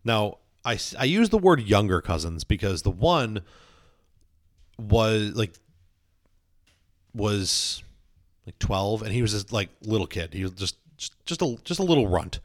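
A man's voice: on the low side, big pitch swings, a little slow, pauses often. A young man, casually telling stories and filling his talk with "like". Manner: storytelling, heavy use of "like". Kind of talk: casual chat.

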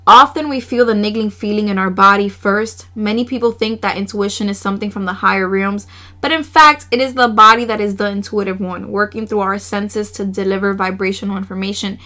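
A woman's voice: mid-range voice, steady tone, a little fast, pushed and bright. A woman hosting a casual solo podcast, reading oracle cards aloud in an earnest, emotional way with frequent laughs and slangy asides. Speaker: podcast host.

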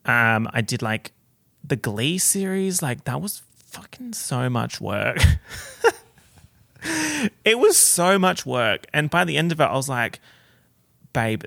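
Gravelly-voiced man chatting on his podcast. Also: mid-range voice, bright, forceful tone, no room sound, clean studio sound. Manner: chatty, campy slang, swears freely. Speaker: podcast host. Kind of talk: casual solo podcast chat. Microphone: portable recorder.

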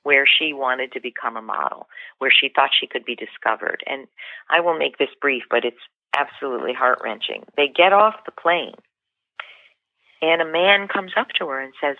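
Heard over a dry, tinny phone line, a podcast guest with a very deep voice speaks at normal speed. This author and leadership coach recounts a story with real feeling and sincerity, frequently starting her sentences over.

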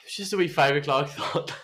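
A man's voice: on the high side, moderate pace, fairly bright tone. A young man, co-hosting a podcast, telling anecdotes casually, swearing and laughing at his own stories. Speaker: podcast co-host. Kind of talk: casual storytelling chat.

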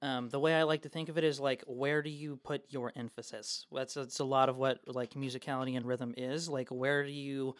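A man's voice: mid-range voice, flat delivery, fairly quick, few pauses, dry recording. A man co-hosting a podcast in a casual, rambling, profane chat. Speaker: podcast co-host.

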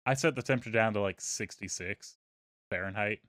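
A man hosting a podcast, telling a story in a relaxed, profane way and trailing off into quiet asides. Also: lowish voice, fairly quick, dry recording. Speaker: podcast host. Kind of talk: casual storytelling.

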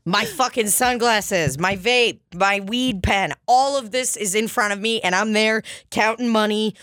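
A woman's voice: medium pitch, unhurried, a bit bright, no echo, clean studio sound. A woman co-hosting a podcast, telling a bar story as a profane, ranting casual chat. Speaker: podcast co-host.

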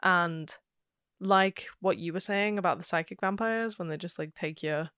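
Chatty low-voiced woman, dry mic. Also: normal speed, a bit bright, clear, resonant tone, no room sound. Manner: chatty, lots of "like" and quoted asides. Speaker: podcast co-host. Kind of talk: casual chat.

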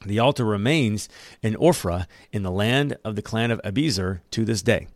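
Male pastor, gravelly, conversational sermon and scripture reading, dry close sound. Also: fairly low pitch, expressive, normal speed, no room sound. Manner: conversational, reads aloud and comments.

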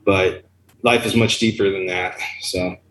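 A man's voice: deep voice, steady tone, measured pace, a bit bright, echoey room, slight background noise, low-quality recording. A man and musician talking casually and earnestly in a rambling, philosophical way. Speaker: musician guest. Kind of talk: casual chat.

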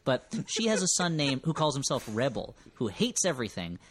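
A man's voice: medium pitch, big pitch swings, a little fast, husky. A male podcast host recaps a film in easy, casual chat. His asides are dry and wry. He rambles a bit and corrects himself mid-sentence. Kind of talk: casual comedic movie recap.

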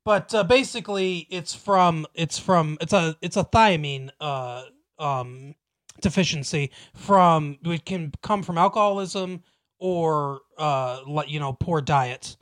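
A man telling a story in a loose, rambling way, his voice a little on the high side. He stumbles and restarts as he goes, and acts out the lines of the people in the story. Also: slow, fairly bright tone. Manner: rambling, many restarts, acts out quoted lines, laughs often. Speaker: podcast co-host recapping a TV episode. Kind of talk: casual chat.

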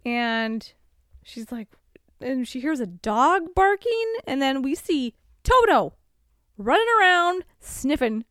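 A woman co-hosting a casual podcast, recapping a movie and acting out the characters in quick voices. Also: sits high, very animated, fairly bright tone, no room sound, clean studio sound. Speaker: podcast co-host.

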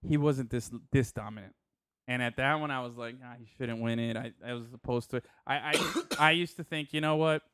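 A man's voice: medium pitch, fairly quick, fairly bright tone, smooth, no echo, studio quality. A man co-hosting a casual talk show, joking loosely and often stumbling over repeated words. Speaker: podcast co-host. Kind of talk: casual chat.

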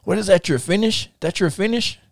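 A brash pro wrestler with a put-on Russian accent, as a man puts him on. He talks well above his normal pitch in a teasing, mock-menacing way and keeps calling people brother. The sound is dry and close. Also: fairly quick, creaky, no echo. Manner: calls everyone brother, teasing.

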